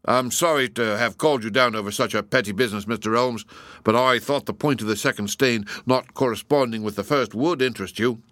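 A man's voice: medium pitch, fairly quick, a bit bright, no echo, natural voice. A man voicing a brusque, self-important police inspector. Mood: pompous. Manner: brusque, pompous.

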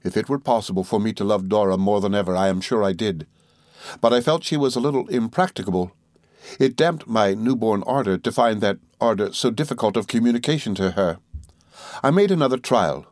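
Measured male audiobook narrator. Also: fairly low pitch, a little mellow, no echo, clean studio sound. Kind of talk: scripted narration of a classic novel.

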